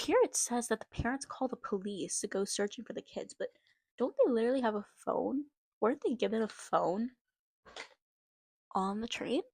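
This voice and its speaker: A woman's voice: medium pitch, creaky, no room sound. A young woman vlogger reading an old story aloud with amused, self-mocking commentary.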